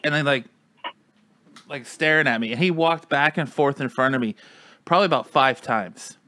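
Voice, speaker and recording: A man's voice: mid-range voice, moderate pace, pushed and bright, dry recording. A man in casual chat with friends, telling a long story in a rambling way, full of "like" and acted-out quotes.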